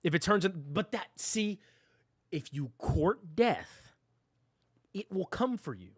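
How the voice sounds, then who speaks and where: Animated man ranting on a live stream. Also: high voice, slow, slightly rough, dry recording, clean studio sound. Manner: animated, mock-dramatic ranting, often repeating himself. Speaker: gaming livestreamer. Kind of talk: live-stream rant to chat.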